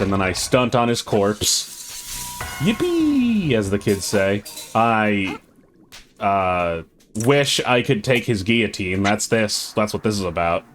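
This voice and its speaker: A man's voice: on the low side, steady tone, measured pace, over music. A man recording a voice-over commentary of his own gameplay, wry, sarcastic and self-mocking. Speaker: gaming channel host.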